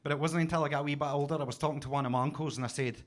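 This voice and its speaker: A man's voice: a little high, fairly even intonation, racing. A Scottish man in his forties doing a stand-up set in a basement comedy club, with punchy, self-mocking storytelling. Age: 40s.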